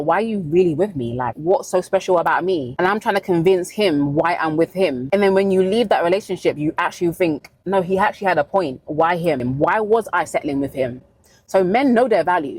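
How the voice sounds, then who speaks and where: A woman delivers a forceful dating-advice monologue, hammering her points home through repetition. Her voice sits a little low for a woman. The sound is close and dry, with no room echo. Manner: emphatic, blunt, repeats points for force. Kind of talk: opinionated vlog monologue.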